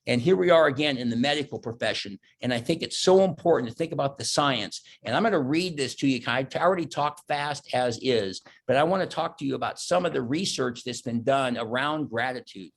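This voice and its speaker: A middle-aged man giving a motivational keynote, telling personal stories earnestly and growing animated at the high points. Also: brisk, vocal fry, hardly any pauses. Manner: earnest storytelling, animated when reliving moments. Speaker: keynote speaker.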